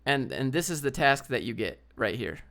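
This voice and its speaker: A man's voice: mid-range voice, big pitch swings, normal speed, a bit bright. A man hosting a casual livestream, reading chat questions aloud and answering in a rambling, joking way.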